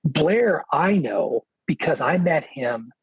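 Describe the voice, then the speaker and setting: Husky-voiced man telling a story. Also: fairly high pitch, slow pace, no room sound, phone-quality sound. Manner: lively anecdote teller, acts out quoted dialogue. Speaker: guest guitarist. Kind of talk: casual storytelling interview.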